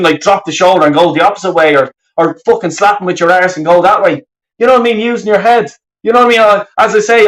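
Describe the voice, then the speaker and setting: The host of a live football fan channel, a man, rambles through his grievances on stream, furious and swearing heavily. His voice sits high with a fairly bright tone, captured by a webcam in a rough recording.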